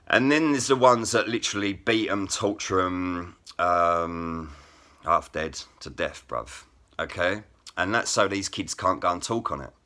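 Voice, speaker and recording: Forceful, sharp-voiced man ranting. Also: sits low. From England. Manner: blunt, heavily profane, repeats "bruv" and "innit". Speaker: vlogger and rap poet. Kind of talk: angry to-camera rant.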